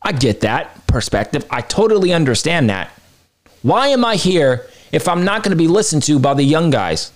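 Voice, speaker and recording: A man's voice: big pitch swings, normal speed. Heated, profane man ranting on a podcast. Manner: profane, heated, swings between low and high pitch. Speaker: podcast host. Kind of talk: opinionated wrestling podcast rant.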